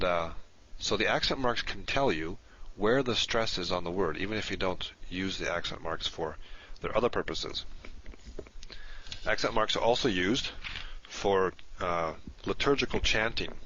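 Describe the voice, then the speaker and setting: A man with a very low, bright-toned voice gives a methodical recorded lecture. He explains each term step by step. The sound is dull and lo-fi. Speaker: language teacher.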